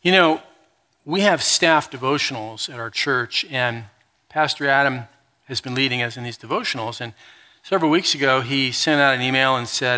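A middle-aged man preaching a sermon as a pastor, telling the story in an animated, conversational way with touches of humor. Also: medium pitch, normal speed.

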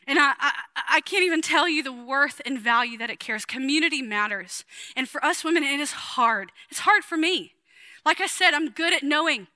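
A woman in her forties preaching to women in a chatty, emphatic way, with sudden loud bursts of energy. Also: sits high, no echo. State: sweating. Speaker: women's ministry speaker. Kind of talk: sermon.

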